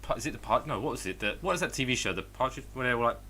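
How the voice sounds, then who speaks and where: A man's voice: medium pitch, lively intonation, racing, sharp tone, breathy edge. A man hosting a podcast, chatting casually with loose, joking, rambling talk. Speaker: podcast host. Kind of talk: casual chat.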